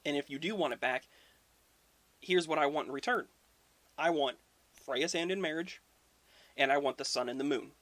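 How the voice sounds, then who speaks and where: A man's voice: fairly high pitch, moderate pace, pauses often, a bit bright, no room sound, lightly acted. Brief: a man playing a smug male ogre driving a hard bargain, dry close sound. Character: greedy male ogre holding a stolen hammer.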